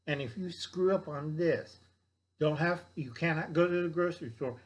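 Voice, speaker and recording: A man's voice: fairly high pitch, moderate pace. An older man giving a blunt, rambling survival lecture, often checking in with "okay?" and mocking people in put-on voices. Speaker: survival vlogger. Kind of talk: rambling instructional monologue.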